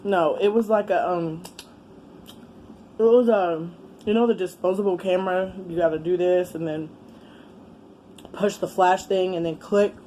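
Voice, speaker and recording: A woman in her thirties with a warm, mellow voice tells a rambling personal story straight to camera. She is blunt and swears freely, leaning on plenty of fillers. A faint fan hum runs underneath. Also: fairly low pitch, fairly even intonation, measured pace, pauses often, poor audio. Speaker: vlogger. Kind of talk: casual story time while eating. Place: indoors with a fan running.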